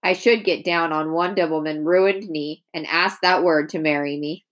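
A woman's voice: low voice, steady tone, normal speed, a bit bright. A woman doing a blunt, dry older recluse. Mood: wry.

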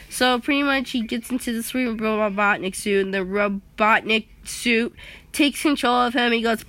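A young woman rambles through a profane movie rant. Her voice sits fairly high and sounds bright and forceful. She keeps circling back, exasperated. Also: fairly even intonation, normal speed.

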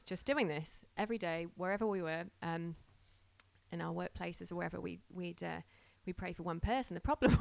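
A woman's voice: mid-range voice, no room sound. A woman who is starting a church tells a casual, laughing story and acts out the voices of the people in it. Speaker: church planter sharing a story.

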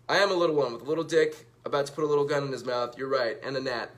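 A man's voice: medium pitch, rapid-fire, hardly any pauses. A man telling a casual, profane, self-mocking story to the camera while reading out tweets. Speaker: vlogger.

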